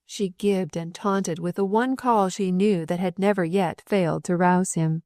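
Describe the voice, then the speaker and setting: A woman narrating a novel as an audiobook, telling the story in an expressive, dramatic way. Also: lowish voice, a little slow, hardly any pauses, no echo, clean studio sound.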